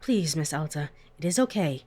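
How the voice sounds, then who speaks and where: A woman voicing a gentle caretaker who speaks softly and formally, without contractions, in a soothing way. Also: low voice, expressive, moderate pace, slightly rough, pitched below the performer's own voice.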